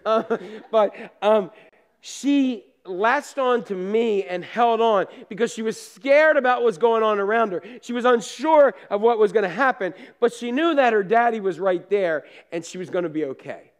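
High-voiced pastor telling animated stories. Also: male voice, moderate pace. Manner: animated storyteller, acts out scenes and laughs at himself; casual asides to the congregation. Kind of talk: sermon with personal stories.

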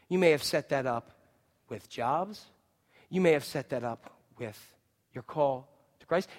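A man in his forties preaching a sermon, who tells a funny personal story, acts out screams and voices, and then turns it into a lesson. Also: sits high. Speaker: pastor. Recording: long hall reverb.

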